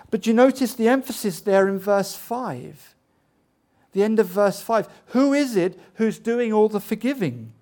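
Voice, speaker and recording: A man's voice: sits high, darkish tone. A man preaching a sermon, asking rhetorical questions and building to emphatic peaks.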